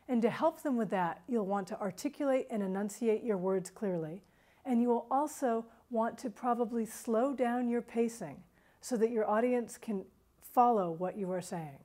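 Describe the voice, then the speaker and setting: Woman instructor, fairly high voice, lively teaching tone that shifts pace to demonstrate points. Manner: demonstrates tips with varied pitch and pace. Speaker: writing center instructor. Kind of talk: instructional video on vocal delivery.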